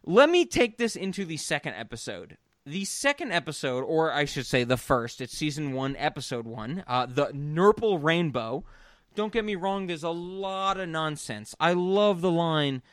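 Man, podcast co-host, excitable and gushing, lively pitch, laughs a lot. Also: clean tone, no echo, clean studio sound. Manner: gushing, laughing, animated retellings. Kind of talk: casual podcast chat.

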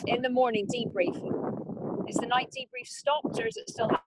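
A woman leading a staff briefing over a call, talking in a brisk, directive way with frequent ums. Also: fairly high pitch, big pitch swings, very noisy. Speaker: clinical team lead.

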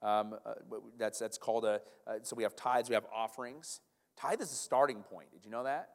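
Animated pastor in an echoing hall. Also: male voice, lowish voice, brisk, gravelly. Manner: animated, stumbling restarts and repeated words. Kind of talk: sermon. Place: church sanctuary. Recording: long church hall reverb.

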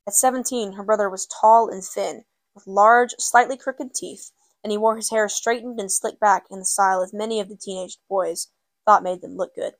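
Measured woman narrating a novel. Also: mid-range voice, fairly even intonation, dry recording. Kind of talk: audiobook narration.

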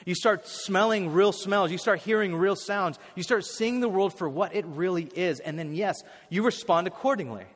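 A man preaching a sermon as a pastor, telling stories animatedly and swinging from hushed to loud. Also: sits high, moderate pace, few pauses, in a large hall.

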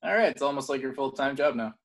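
Rambling young man, mid-pitched. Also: animated, fast. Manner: rambling, many fillers and restarts, laughs often. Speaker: podcast co-host. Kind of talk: casual chat.

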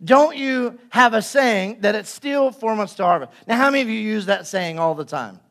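A man with a notably high, light voice preaches to his congregation in a loose, conversational way. He breaks into playful acted-out asides and quick jokes. His delivery swings between easy chat and teaching. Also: expressive, a bit bright. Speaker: pastor. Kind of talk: sermon.

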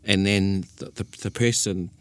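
Low-voiced New Zealand man explaining. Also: fairly even intonation, normal speed, clear, resonant tone, no room sound. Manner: explains patiently, with many restarts and fillers. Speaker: host teaching Māori language. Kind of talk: casual radio chat.

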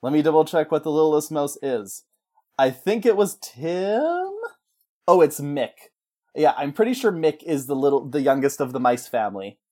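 A man in casual chat, pitching a story in a rambling, jokey way and slipping into character voices. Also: big pitch swings, normal speed, warm tone.

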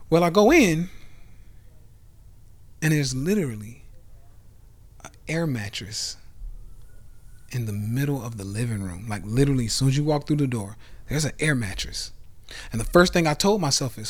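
A man in his thirties with a somewhat high voice talks casually on his own podcast. His delivery is animated, punching up loud bursts and then dropping into low, offhand asides. He swears now and then, the way someone does in relaxed talk. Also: normal speed, pauses often. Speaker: podcast host and investment club founder. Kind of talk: casual motivational monologue.

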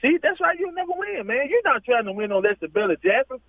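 A man's voice: extremely high pitch, big pitch swings, quick pace, no echo. A man calling into a talk show, heated and argumentative, talking over the host. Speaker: caller. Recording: phone line.

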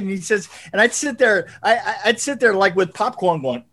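A man's voice: sits high, moderate pace, hardly any pauses, a bit bright. An older man from California, a guest on an interview show, telling rambling stories full of swearing and laughter. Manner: profane, laughing, rambling storyteller. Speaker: guest, production designer. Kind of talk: casual interview storytelling.

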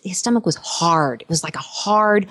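A woman actress in casual interview chat, an animated storyteller who laughs often. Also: lowish voice, moderate pace. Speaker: actress and voice performer.

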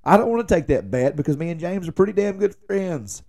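A man's voice: high-pitched, fairly quick, vocal fry. Rambling man telling a story. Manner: rambling, joking, animated when quoting himself. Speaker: podcast host. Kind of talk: casual late-night storytelling monologue.

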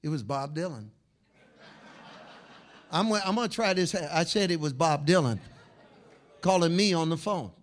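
A man preaching a fiery sermon, telling a story and swinging from shouts to hushed tones. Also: fairly high pitch, lively intonation, unhurried, long pauses.

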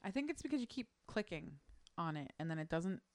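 A woman's voice: fairly low pitch, sing-song, fairly quick. A woman co-hosting a podcast, chatting casually and explaining things in a plain, matter-of-fact way. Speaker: podcast co-host. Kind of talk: casual chat reacting to videos.

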